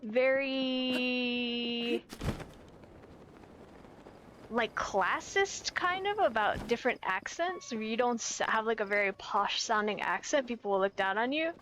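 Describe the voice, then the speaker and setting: Chatty American woman streamer, high voice. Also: slow, long pauses, fairly bright tone, slight background noise. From United States. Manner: chatty, searching for words, reading chat aloud. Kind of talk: casual chat with viewers while gaming.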